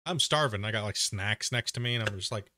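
Male game streamer, casual desk-mic chatter, bright timbre, laid-back filler-heavy delivery. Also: fairly low pitch, brisk, dry recording, studio quality. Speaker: gaming streamer.

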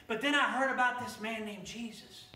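A man's voice: very high voice, steady tone, normal speed, reverberant, far from the mic, noisy background. A man voicing a poor, sick woman who stammers as she pleads for more time to pay. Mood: joyful. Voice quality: stammering, breathless. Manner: pleading, then exuberant. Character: poor sick woman begging for time, later overjoyed and healed.

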